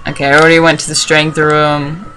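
A woman's voice: deep voice, flat delivery, fairly quick, bright, forceful tone, a little hiss or hum. A young woman casually commentating a video game, rambling and swearing as she plays. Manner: rambling, profane, talks to herself. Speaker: let's play host.

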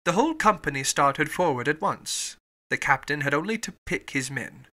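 A man narrating a classic novel as an audiobook, with an expressive storybook reading. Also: fairly high pitch, moderate pace. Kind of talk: scripted narration.

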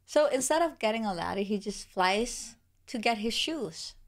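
A woman with a hoarse voice gushing excitedly as she reacts to a game trailer, with lots of exclamations and repeated outbursts. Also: medium pitch, normal speed. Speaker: gaming reaction vlogger.

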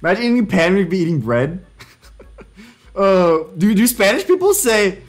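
Animated young man streaming with jokey banter. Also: moderate pace. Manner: jokey, excitable, laughing self-commentary with sudden pitch jumps. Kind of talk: casual live-stream chat while doing language drills.

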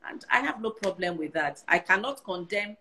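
A woman's voice: medium pitch, expressive, moderate pace, sharp tone, low-quality recording. A Nigerian woman in her sixties giving earnest advice in casual conversation, often repeating herself for emphasis. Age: 60s. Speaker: guest.

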